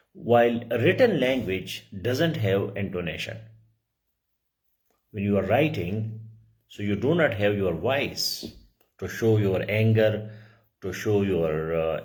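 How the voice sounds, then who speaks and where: Slow, low-voiced male teacher. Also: darkish tone. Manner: slow, repetitive explaining with frequent throat clearing; restates key words for emphasis. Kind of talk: lecture on writing.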